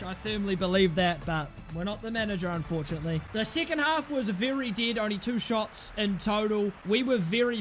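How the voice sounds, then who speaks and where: A young man commentating his own football video game, excitable, groaning and then yelling at the play. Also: extremely high pitch, noisy background. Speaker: gaming commentator. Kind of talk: live gameplay commentary.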